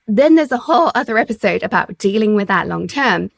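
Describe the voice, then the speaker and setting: A woman's voice: medium pitch, animated, fairly quick, vocal fry, no room sound. Woman podcast host, leadership coach; direct, emphatic, encouraging; close, dry mic. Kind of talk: solo podcast coaching talk.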